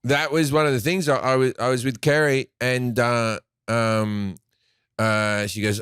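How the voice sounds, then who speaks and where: A man's voice: medium pitch, level tone, moderate pace, fairly bright tone, smooth, no echo, clean studio sound. A man, a comedian guest, telling crude anecdotes in casual chat, often restarting his phrases. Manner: profane storyteller, restarts phrases, acts out quoted voices.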